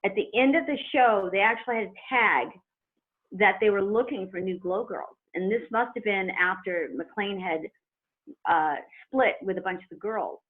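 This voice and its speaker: A woman's voice: mid-range voice, moderate pace. Chatty middle-aged woman over a phone line. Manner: chatty, animated storyteller who laughs as she talks. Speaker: guest, former wrestler. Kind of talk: telling a story in an interview.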